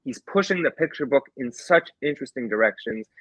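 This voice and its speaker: A man telling a funny anecdote in a casual chat, animated, with quick restarts as a guest author. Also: mid-range voice, dry recording.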